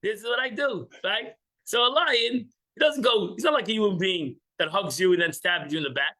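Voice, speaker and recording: A man's voice: high-pitched, fairly quick, bright, forceful tone, low-quality recording. A man teaching an informal religious class, joking with listeners and acting out little scenes. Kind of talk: informal class with audience banter.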